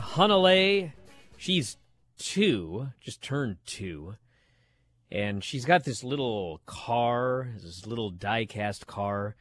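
A man in his thirties co-hosts a radio talk show with a bright, ringing voice that swings widely in pitch. He tells stories animatedly, and the sound is close and dry. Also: dry recording. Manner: animated storytelling, rhetorical questions.

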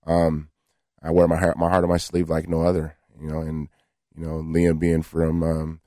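A man's voice: very deep voice, completely flat delivery, moderate pace, mellow, no room sound. A man guesting on a radio show in a studio, talking in a brash, boastful way with lots of fillers. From United States. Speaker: fighter guest. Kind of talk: radio interview.

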